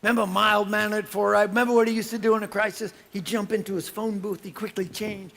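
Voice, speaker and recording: A man delivers a motivational keynote at a business conference. His voice sits high for a man and has a gravelly edge. He tells stories with energy, jumping into the voices of the people in them. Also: fast. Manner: animated storytelling with acted-out voices and shouts. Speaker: keynote speaker. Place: conference hall.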